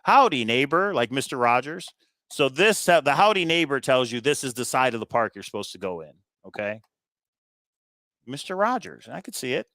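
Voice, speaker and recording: A man's voice: mid-range voice, sing-song, normal speed, fairly bright tone, dry recording. A man hosting a treasure hunt video, chatting casually and thinking aloud with frequent fillers as he walks through a puzzle solution. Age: adult with kids. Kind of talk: casual walkthrough commentary.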